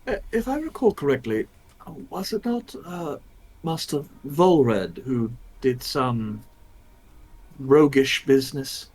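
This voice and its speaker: A man's voice: medium pitch, expressive, takes it slowly, darkish tone, rough recording. A man voicing a god who speaks to the party in formal, archaic phrasing. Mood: courteous. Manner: stately, archaic phrasing with hesitations.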